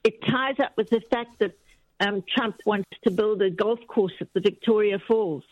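A woman's voice: medium pitch, moderate pace, dry recording. Woman caller on a dull phone line. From Brighton, England. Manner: earnest, conspiratorial theorising with giggles. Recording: dull phone-call sound.

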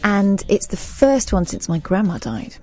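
A woman's voice: mid-range voice, sing-song, measured pace, mellow. A young woman from Britain co-hosting a late-night radio talk show, telling stories and teasing. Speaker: radio co-host.

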